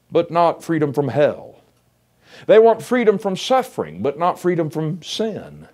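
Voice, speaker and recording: Male preacher, fairly high and very animated delivery; swells to emphatic peaks, sinks to quiet asides. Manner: preaching with rising emphasis and hushed drops; reads scripture in King James English. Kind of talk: sermon.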